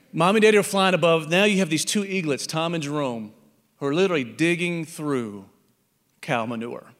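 High-voiced pastor in a reverberant hall. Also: male voice, fairly bright tone. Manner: storytelling, acting out animal characters in the parable. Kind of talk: sermon.

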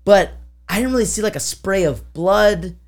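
This podcast co-host has a mid-range voice with lively intonation and speaks at normal speed. In a casual chat, she tells a long, rambling story thick with fillers and acted-out noises.

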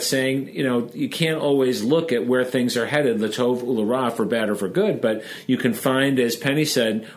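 A man from Chicago hosting a casual discussion, talking in a chatty, joking way and retelling a story. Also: medium pitch. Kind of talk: casual discussion of Jewish texts.

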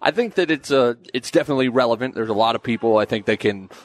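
A man's voice: mid-range voice, quick pace. A man hosting an interview, asking curious, casual questions. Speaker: podcast host. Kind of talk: conversational interview.

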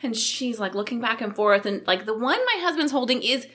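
A woman's voice: a little high, expressive, a little fast, pushed and bright, slightly rough. A middle-aged woman co-hosting a podcast, telling a story in casual chat and acting out the quoted voices. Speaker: podcast co-host.

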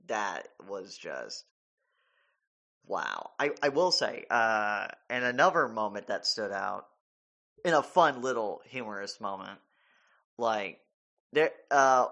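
A man casually reviewing a TV series, earnest and halting, with frequent restarts. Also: medium pitch, bright, forceful tone. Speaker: podcast reviewer.

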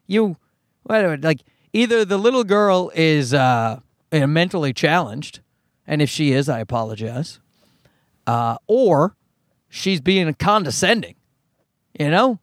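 A middle-aged man from Canada rants casually to his viewers in a slightly higher-than-usual voice. He swears freely and slips into mocking voices. The recording is dry and close, with no room sound. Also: lively intonation, normal speed, no echo. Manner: sarcastic, profane, mock voices for quotes. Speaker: vlogger. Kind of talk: casual ranting monologue.

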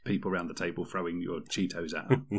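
A man with a fairly low voice, talking casually and grumbling with dry sarcasm. He rambles, repeats himself and slips into mocking quotes. A relaxed podcast chat. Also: quick pace, slight background noise. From Britain. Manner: sardonic, rambling, mock-quoting in funny voices. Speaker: podcast co-host. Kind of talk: casual chat about tabletop games.

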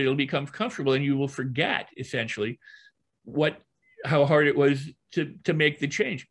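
Older man telling lively teaching stories. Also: on the high side, moderate pace, breathy edge. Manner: lively storyteller who repeats and builds phrases. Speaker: guest, hypnotist and trainer.

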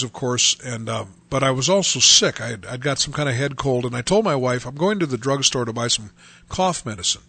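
Earnest man giving a halting personal testimony. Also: mid-range voice, pushed and bright, slightly rough. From North Dakota. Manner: halting, earnest storytelling with many restarts.

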